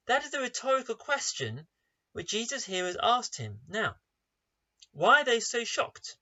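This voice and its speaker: A man preaches with a high, bright voice that rises and falls with emphasis. He drives his sermon with rhetorical questions. The recording sounds dull and lo-fi. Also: wildly swooping pitch, unhurried. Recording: dull lo-fi online service recording.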